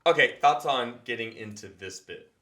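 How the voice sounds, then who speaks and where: A man hosting a show, casually breaking down a comedy set in an animated way, with quick asides and acted-out reactions. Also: medium pitch. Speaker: show host reviewing standup. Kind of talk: casual analytical chat.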